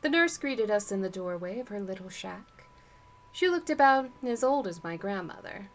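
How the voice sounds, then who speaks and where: A woman streamer reading a book aloud live, with chatty, relaxed asides to her viewers. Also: medium pitch, moderate pace.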